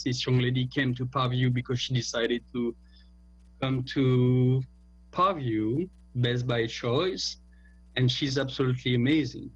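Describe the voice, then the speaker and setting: A man's voice: medium pitch, moderate pace. A man with a French accent speaks as a teacher and coach on a video call. He is modest and heaps on emphatic praise. The sound is slightly dull, as if through a small mic. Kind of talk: casual remarks on a video call.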